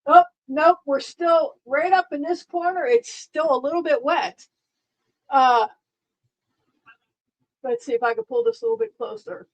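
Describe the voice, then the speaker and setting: A middle-aged woman talks to her live-stream viewers in a loose, rambling way. Her voice sits a little high. She restarts her sentences often and keeps a dry, sarcastic edge. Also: lively intonation, unhurried, pauses often, low-quality recording. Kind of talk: casual live-stream chat.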